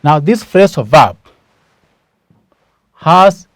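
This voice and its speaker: A man's voice: mid-range voice, animated, darkish tone, no room sound. A man with a Kenyan English accent teaching a grammar lesson, stressing key words and asking questions that he answers himself. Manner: slow, emphatic, asks questions then answers them.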